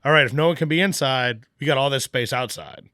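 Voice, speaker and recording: Animated man telling a story, dry close mic. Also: mid-range voice, brisk, no echo. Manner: animated, acts out quoted dialogue, swears casually. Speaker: podcast guest, brewery owner. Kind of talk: casual storytelling.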